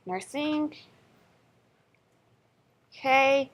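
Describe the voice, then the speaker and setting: A woman's voice: mid-range voice, expressive, takes it slowly, pauses often, fairly bright tone. A young woman from North Carolina with a Southern accent, a college professor chatting upbeat with her class and calling roll in a classroom. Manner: upbeat, chatty, checks in with "okay?". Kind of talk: first-day class introduction and roll call.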